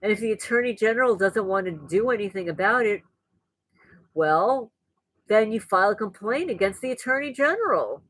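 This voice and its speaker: A woman's voice: medium pitch, animated, normal speed, fairly bright tone, no room sound, rough recording. A woman hosting her own channel, talking straight to viewers in a frank, rambling way and sounding angry and blunt. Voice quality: voice no longer sweet, rougher than before. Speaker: channel host. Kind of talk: casual monologue to viewers.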